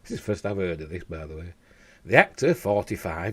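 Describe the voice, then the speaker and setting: A man's voice: low-pitched, very animated, a little fast, breathy edge. A man hosting a casual news show at home, reading out stories and rambling off into chatty asides, often tripping over his words.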